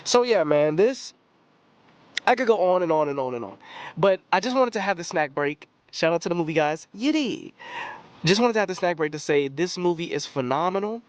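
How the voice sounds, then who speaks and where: A man's voice: sits high, expressive, a little fast. A young man hosting a podcast, giving a casual, emphatic movie review and repeating phrases for stress. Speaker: podcast host.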